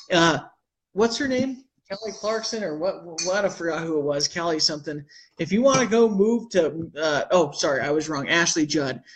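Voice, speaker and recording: A man hosting a casual talk show, rambling through heated opinions with laughs between phrases. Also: on the high side. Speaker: host.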